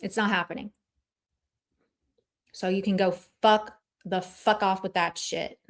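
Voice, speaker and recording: A woman's voice: mid-range voice, steady tone, measured pace. A woman hosting a livestream, ranting in casual chat in a blunt, profane and combative way. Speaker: livestream host.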